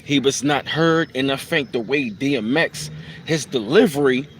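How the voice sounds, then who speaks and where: A man's voice: medium pitch, normal speed, a little hiss or hum. Reflective man talking loosely on a live stream. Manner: loose and reflective, many fillers and repeated phrases. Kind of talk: casual live-stream tribute talk.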